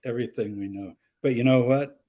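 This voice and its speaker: Older man, live q&a guest, lively storyteller, acts out quotes, laughs a lot. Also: mid-range voice, brisk. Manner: animated storyteller who acts out quoted voices and laughs often. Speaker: guest scholar answering audience questions. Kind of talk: live conversational Q&A.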